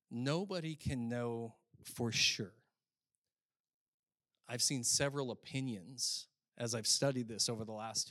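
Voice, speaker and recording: A male pastor preaching a sermon in a conversational way, often saying "like", swinging between loud, emphatic stretches and quiet, reflective ones. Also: medium pitch, no echo, clean studio sound. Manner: frequent filler "like".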